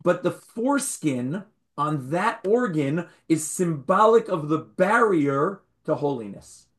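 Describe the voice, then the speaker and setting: A man's voice: on the high side, expressive, slow. Quizzing, wry male Torah teacher. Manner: quizzes the audience, wry humorous asides; repeats key words for emphasis. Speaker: rabbi teaching a class. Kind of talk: Torah class lecture.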